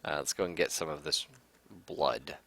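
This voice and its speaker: A man's voice: a bass voice, steady tone, moderate pace, a bit bright, no room sound. A man casually commenting on a game he is playing, reading its text aloud and reacting with sudden outbursts and swearing. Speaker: gaming streamer. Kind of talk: casual let's-play commentary.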